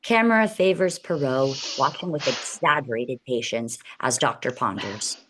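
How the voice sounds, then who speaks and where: Low-voiced woman reading stage directions. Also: normal speed, a bit bright, slight background noise.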